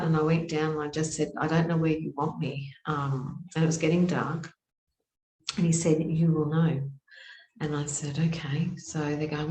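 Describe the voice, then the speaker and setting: Low-voiced woman telling a story in a roomy space. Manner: animated, acts out quoted voices with high jumps in pitch; laughs often, loose fillers. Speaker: spiritual storyteller. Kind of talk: personal storytelling talk.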